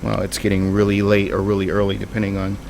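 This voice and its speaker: A man's voice: lowish voice, monotone, fast, gravelly, noisy background. A man streaming a flight simulator, thinking aloud in casual, rambling commentary.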